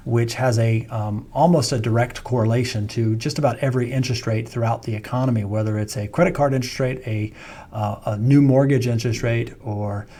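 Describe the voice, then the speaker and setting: A man's voice: mid-range voice, steady tone, fairly quick, warm tone. A man, a wealth management firm founder giving a conversational video update on the economy, with frequent ums and self-corrections. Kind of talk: informal video market update.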